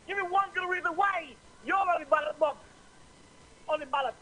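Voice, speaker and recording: A Saint Lucian man calls in to a talk show. His voice sits unusually high, and he keeps hammering the same insults and phrases over and over in an angry political rant. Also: a little fast, sharp tone, poor audio. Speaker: caller.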